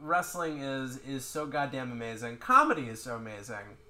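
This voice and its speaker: A young man hosting a casual interview podcast, chatty and excitable, swearing freely. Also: mid-range voice, normal speed. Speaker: podcast host.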